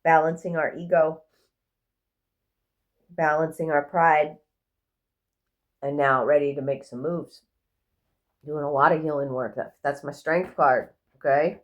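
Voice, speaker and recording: A woman giving a casual, rambling tarot reading in a gentle, affirming way. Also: low-pitched, fairly even intonation, measured pace, long pauses, muffled recording. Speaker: tarot reader.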